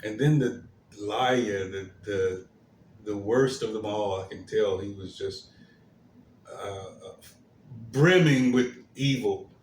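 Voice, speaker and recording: A man hosting his own commentary stream, talking in a halting way with many fillers and restarts, his phrases trailing off softly. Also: lowish voice. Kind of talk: slow, hesitant solo commentary. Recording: roomy echo, faint background hiss.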